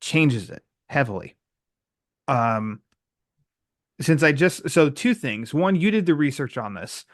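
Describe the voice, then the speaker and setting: A man's voice: mid-range voice, very animated, slow pace, long pauses, dry recording, clean studio sound. A man hosting a podcast in casual chat, loose and conversational, with many likes and you-knows. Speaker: podcast host.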